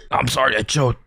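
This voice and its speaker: A man's voice: medium pitch, vocal fry, sharp tone, breathy edge, no room sound, clean studio sound. A man hosting a reaction video, talking casually with rambling asides, laughter and self-interruptions. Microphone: desk mic, no webcam.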